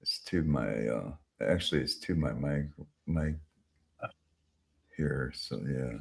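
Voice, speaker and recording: A man with an extremely low voice hosts a live stream at a slow, unhurried pace. He rambles loosely with plenty of fillers and casual swearing. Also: creaky, a little mellow.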